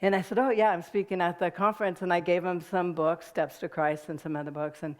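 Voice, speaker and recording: An American woman giving a personal testimony to an audience, animated and emotional, laughing often and restarting her sentences. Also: lowish voice, brisk. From United States. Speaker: guest speaker.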